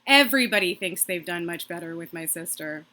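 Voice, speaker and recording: A woman doing a stand-up comedy set from her own microphone on a video call, delivering quick, punchy jokes and laughing at her own lines. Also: fairly low pitch, expressive, very noisy. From Massachusetts.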